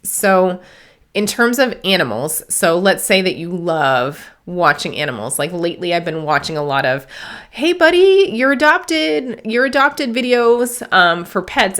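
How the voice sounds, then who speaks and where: A woman's voice: sits low, fairly bright tone. A middle-aged woman hosting a spiritual podcast as a medium, talking in a rambling, earnest way with self-corrections, teary and sniffly. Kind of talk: casual spiritual podcast talk.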